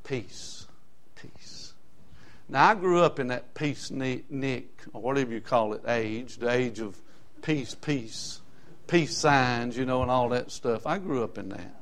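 A man's voice: medium pitch, a little slow. An older man with a South Carolina Southern accent preaching a fiery, folksy sermon in colloquial grammar.

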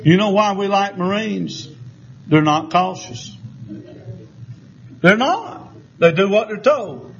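A man preaching a fervent sermon, rising at times to shouts. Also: sits high, lively intonation, slow, gravelly, pauses often. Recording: dull lo-fi with faint noise.

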